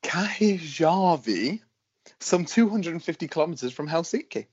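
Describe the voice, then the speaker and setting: A man co-hosting a casual podcast, chatty and quick to laugh, often restarting his sentences. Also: fairly high pitch, expressive, darkish tone, breathy edge, highs cut off. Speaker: podcast co-host.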